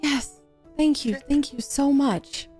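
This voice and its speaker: Woman DM, slow unhurried narration, slightly high voice, soft music underneath. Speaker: dungeon master. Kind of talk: narrating a tabletop game.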